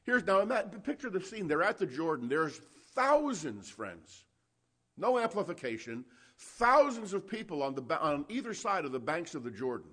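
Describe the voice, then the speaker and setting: A man preaching a sermon, impassioned and building to loud exhortation, calling his listeners friends, with frequent restarts and fillers. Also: fairly high pitch, sing-song, moderate pace.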